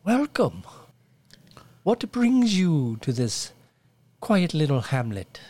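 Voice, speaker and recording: Man plays a glitchy peasant villager: high, strained, courtly and repetitive. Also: big pitch swings, slow pace, darkish tone, no echo, exaggerated voice. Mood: welcoming. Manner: old-fashioned courtly, repeats himself, refers to himself by name. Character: simple-minded male peasant villager, glitchy game character.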